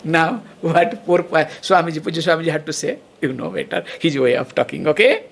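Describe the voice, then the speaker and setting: A woman's voice: low-pitched, lively intonation, fairly quick, creaky, breathy edge. A woman teaching Vedanta as a swami, often checking in with her listeners and laughing between points. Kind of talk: spiritual lecture.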